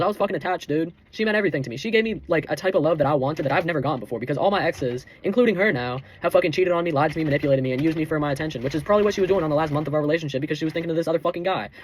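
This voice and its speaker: A teenage boy telling a heated storytime rant, swearing constantly and calling the listener bro and dude. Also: fairly high pitch. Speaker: vlogger.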